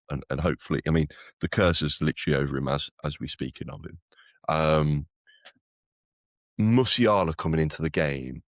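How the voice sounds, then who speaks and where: A man's voice: a bass voice, dry recording, studio quality. A man co-hosting a podcast, talking football in a casual, rambling way with lots of fillers and restarts. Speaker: podcast co-host.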